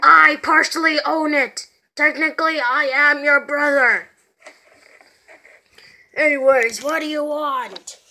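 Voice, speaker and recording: A woman's voice: high-pitched, fairly even intonation, slow pace, sharp tone. A woman with a sore throat doing playful, rambling voices in a homemade plush toy skit. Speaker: maker and voice of all the characters.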